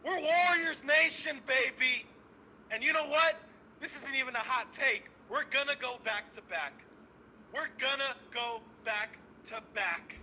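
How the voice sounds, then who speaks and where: Brash male caller, high and piercing, loud excitable rant, light line noise. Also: a little slow, poor audio. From San Francisco Bay Area. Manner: loud, cocky, excitable, swearing, laughing. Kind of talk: hyped fan call-in rant.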